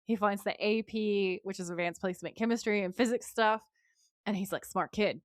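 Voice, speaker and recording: A woman's voice: steady tone, a little fast, dry recording, studio quality. A woman co-hosting a podcast, recapping an episode in casual chat, laughing often and swearing freely. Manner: drops into a lower voice to act out quoted lines. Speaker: podcast co-host.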